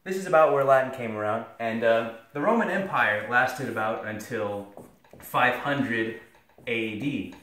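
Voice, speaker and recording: A man's voice: mid-range voice, a little slow, a bit bright, a little hiss or hum. A man giving a casual, joking Latin lesson, sarcastic and rambling, with self-deprecating asides. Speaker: video tutor for Latin students. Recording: echoey room.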